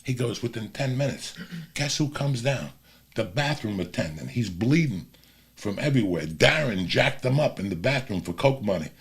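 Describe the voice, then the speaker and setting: A middle-aged man with a deep gravel in his voice and a husky, rough edge, hosting a podcast from a studio. He tells profane street stories in casual chat, often sinking low and quiet as he draws listeners in. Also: big pitch swings, normal speed. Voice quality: gravelly, raspy. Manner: profane, drops low and quiet when storytelling. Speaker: podcast host.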